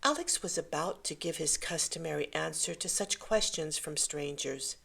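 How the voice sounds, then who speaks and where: A woman reading a short story aloud in a gentle, measured way. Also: low voice, creaky, breathy edge. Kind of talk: scripted story narration.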